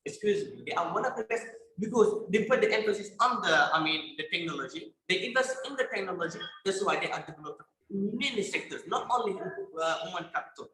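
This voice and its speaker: A teenage Senegalese boy argues in a debate round over a video call, his voice high and ringing bright. He presses his point with rhetorical questions and often trips over repeated words. The room around him is echoey. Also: lively intonation, a little fast. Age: teens. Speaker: student debater. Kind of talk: competitive debate speech.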